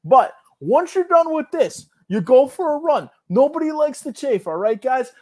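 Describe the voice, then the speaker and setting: Hyped high-voiced man reading a podcast ad. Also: very animated, normal speed. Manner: loud, hyped, jokey. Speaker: podcast co-host. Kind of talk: casual podcast banter with ad reads.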